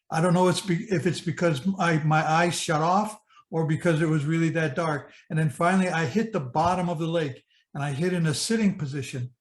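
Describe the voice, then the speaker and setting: A man's voice: a little high, roomy sound. A man in his eighties from Michigan, telling a personal experience in an earnest, vivid present tense with frequent restarts. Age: 80s. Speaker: speaker sharing a personal experience. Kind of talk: personal storytelling talk.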